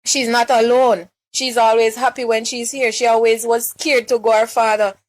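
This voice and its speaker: On a live stream, a Jamaican mother makes a public appeal for help in a fairly high but level voice. Upset and pleading, she sounds distressed and halting, stopping often, repeating words, and restarting sentences.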